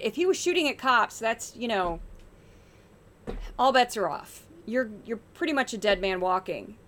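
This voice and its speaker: A woman with a somewhat high voice hosts a media-commentary podcast. She talks with sarcastic exasperation and pointed emphasis. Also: pushed and bright. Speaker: podcast host.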